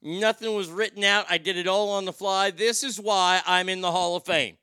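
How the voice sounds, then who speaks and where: A man's voice: sits high, fairly even intonation, moderate pace, pushed and bright, smooth, dry recording, clean studio sound. A man hosting a comedy podcast, ranting off the cuff in a crude, rambling, self-mocking way. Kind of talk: improvised comedic rant.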